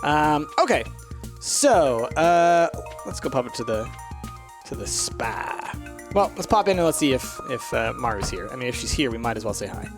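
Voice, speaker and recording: A man's voice: medium pitch, very animated, moderate pace. Chatty man narrating his gameplay. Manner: chatty, thinking aloud with many fillers. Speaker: let's play host. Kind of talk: casual gameplay commentary. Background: faint game music.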